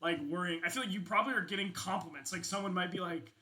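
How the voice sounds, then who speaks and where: A man's voice: high voice, fast, pushed and bright, rough recording. A young man casually narrating a tabletop game as game master, rambling with lots of fillers and swearing.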